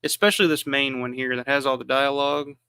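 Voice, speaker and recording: A man's voice: mid-range voice, steady tone, fast talker, pushed and bright, clean tone, dry recording. A man from the American South hosting a live watch-along, giving casual film commentary with lots of restarts and fillers. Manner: rambling, frequent restarts and fillers. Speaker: live stream host.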